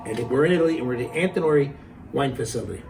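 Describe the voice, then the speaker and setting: A middle-aged man telling a story in a casual, animated way, acting out the quotes and laughing as he goes. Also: medium pitch, rapid-fire, gravelly, far from the mic, slight background noise, low-quality recording.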